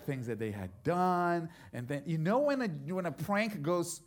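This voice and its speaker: A middle-aged male pastor delivers a sermon, telling a story as he shifts from quiet, intimate moments to loud, emphatic ones. His voice sits a little high, and he speaks expressively and without hurry.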